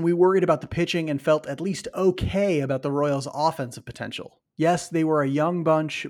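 A man co-hosting a casual sports podcast, breaking down stats and reading a sponsor spot. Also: on the high side. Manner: analytical, reads ad copy and stats. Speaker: podcast co-host.

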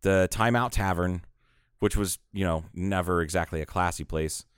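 A man in casual chat, telling bar stories with lots of swearing and animated quotes. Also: sits low, moderate pace, clear, resonant tone, dry recording, studio quality. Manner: swearing storyteller, animated quoting.

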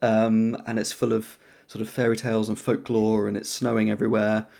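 Wry chatty man with a gravelly edge. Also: fairly low pitch, monotone, brisk, mellow. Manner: chatty, wry, laughs often. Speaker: podcast co-host. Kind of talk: casual chat.

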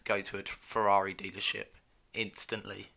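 A man's voice: lowish voice, monotone, normal speed, vocal fry, pushed and bright. A man co-hosting a podcast, chatting casually and teasing his co-host with jokes. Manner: joking, teasing banter. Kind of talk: casual chat.

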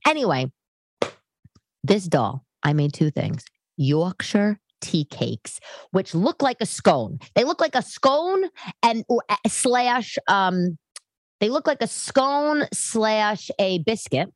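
A woman's voice: mid-range voice, big pitch swings, slow, no room sound. A woman with a New York-area accent hosting a casual chat podcast from her living room, rambling into tangents and asides as she talks. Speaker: podcast host and stand-up comic.

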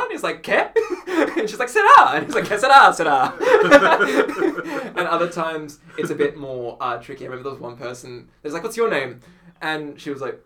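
A man, a podcast guest, telling animated stories in casual chat, acting out quotes and laughing often. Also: fairly high pitch.

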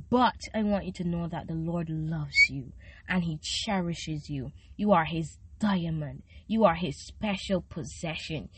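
A woman's voice: fairly low pitch, no echo. A teenage girl hosting a casual faith podcast, chatty and slangy as she encourages her listeners. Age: teens. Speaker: podcast host. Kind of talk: casual devotional podcast talk.

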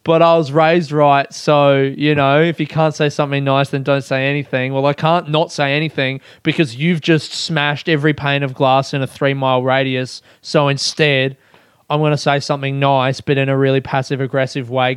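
A man's voice: medium pitch, level tone, moderate pace, clean tone, no echo, clean studio sound. A man hosting a solo podcast, chatting casually and joking at his own expense, often laughing. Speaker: podcast host.

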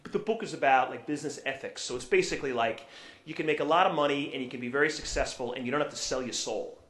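A man's voice: mid-range voice, fast talker, a bit bright. Male priest, sermon, chatty storytelling with fillers and restarts, echoey church room.

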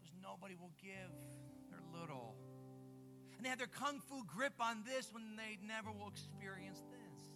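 A middle-aged man preaching a passionate sermon as a guest pastor in a church, building to loud, excited peaks. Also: high-pitched, rough recording. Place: church sanctuary. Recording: music playing behind.

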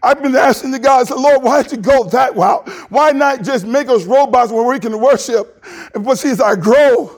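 A man's voice: very high voice, moderate pace. A man preaching as a pastor, reading scripture and praying in an impassioned, tearful way. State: crying. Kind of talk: sermon with prayer.

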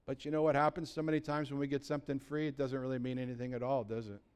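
A man's voice: medium pitch, little pitch movement, very fast, a little mellow, smooth. A man preaching a sermon as pastor, blunt and urgent, asking the listeners rhetorical questions.

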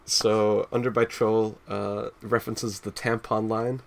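Low gravelly man recapping a comic. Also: flat delivery, unhurried. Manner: hesitant, lots of fillers, dry humor. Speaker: podcast co-host. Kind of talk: casual chat recapping a comic.

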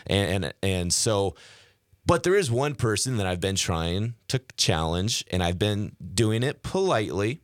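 A man hosting a radio show who talks in an animated, boastful way. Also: deep voice, normal speed, dry recording, clean studio sound. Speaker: radio host. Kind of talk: casual radio chat.

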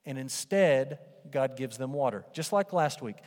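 A man's voice: medium pitch, lively intonation, unhurried, a little mellow. A male pastor preaching a sermon, animatedly acting out the voices of the doubters and of Moses. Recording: preaching in a reverberant hall.

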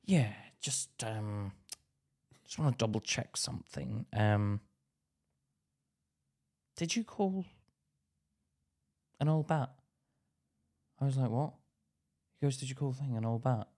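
A man's voice: medium pitch, unhurried, long pauses. Laughing man telling a story. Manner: animated storytelling, acting out quotes, laughs often. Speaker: podcast co-host. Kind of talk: casual chat.

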